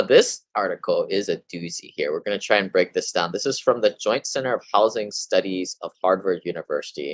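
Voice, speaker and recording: A real estate investing host gives a monthly market update, summing up articles in a casual, slightly rambling way with fillers and restarts. His voice sits low, and the rough recording has no echo.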